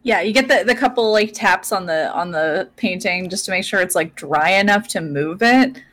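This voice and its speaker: A woman's voice: mid-range voice, normal speed, fairly bright tone, dry recording. A woman chatting casually as a tabletop game player, giggly and swearing freely. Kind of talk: casual chat.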